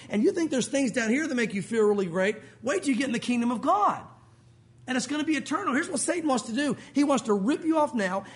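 A man preaches to a congregation at a church service with urgent, impassioned emphasis. His voice is high and his delivery rapid, driving hard through each point. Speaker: pastor. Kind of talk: sermon.

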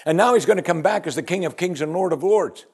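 A man's voice: a little high, fast talker, gravelly, breathy edge. A man preaching a sermon as pastor, talking straight to his listeners with rhetorical questions. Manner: animated, rhetorical questions to the congregation.

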